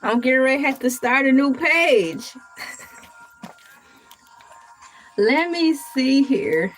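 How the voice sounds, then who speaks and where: A woman's voice: high-pitched, expressive, faint music behind, poor audio. A woman hosting a casual livestream, reading a recipe aloud and riffing on it with playful, rambling jokes. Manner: playful, rambling, jokey asides; reads aloud slowly, then riffs on it. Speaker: livestream host.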